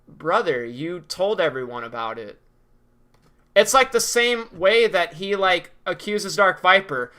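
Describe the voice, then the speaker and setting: A man's voice: sits high, animated, a little slow, pushed and bright. A young man ranting in a commentary vlog, sarcastic, profane and mocking. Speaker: video creator.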